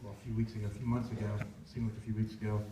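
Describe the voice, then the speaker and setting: A man's voice: fairly low pitch, level tone, very fast, noisy background. A young man, a worship leader, telling a heartfelt personal story in a rambling way with many restarts. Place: church sanctuary. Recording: echoey church room from far off.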